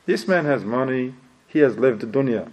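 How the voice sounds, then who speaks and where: A man giving an informal sermon, telling a story in an animated way, acting out the people in it and mixing in phrases. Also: mid-range voice, normal speed, lo-fi sound, slight background noise. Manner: animated storyteller, acts out quotes, sprinkles Arabic phrases. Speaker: Islamic preacher.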